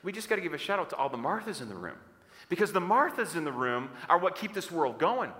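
A man's voice: fairly high pitch, sing-song, fast talker, sharp tone. A man preaching a sermon, leading the room in call-and-response and repeating his key phrases. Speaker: pastor. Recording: echoing hall.

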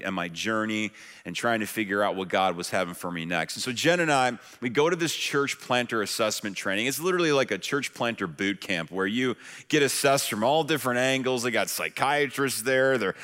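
A male pastor delivering a sermon with animated storytelling. His voice climbs high and loud when he voices questions, and the long reverb of a church hall trails behind him. His pitch sits in an ordinary middle range.

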